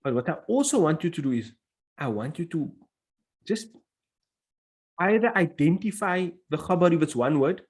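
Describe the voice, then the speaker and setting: A man's voice: fairly high pitch, lively intonation, normal speed, pauses often, husky. A man teaching an Arabic grammar class in English, explaining step by step and reading out Arabic phrases.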